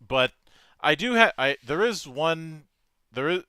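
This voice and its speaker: A man's voice: a little high, animated, measured pace, pushed and bright, clear, resonant tone, dry recording. A man in a casual podcast chat, making digressive asides with many restarts.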